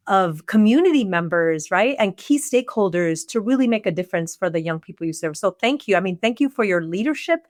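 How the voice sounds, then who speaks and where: A woman's voice: medium pitch, dry recording, studio quality. A woman co-hosting a podcast interview, asking questions and heaping on effusive praise. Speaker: podcast co-host.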